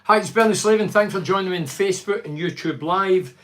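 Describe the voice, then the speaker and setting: A man's voice: high-pitched, brisk, fairly bright tone, roomy sound. An older Scottish man reviewing a football match on a live stream, frustrated and rambling, with stammers and restarts. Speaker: football pundit.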